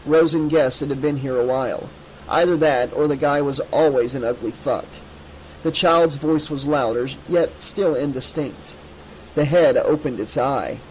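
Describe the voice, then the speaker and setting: A man narrating an audiobook in a measured, steady way. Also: on the high side, slight background noise, low-quality recording. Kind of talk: scripted narration.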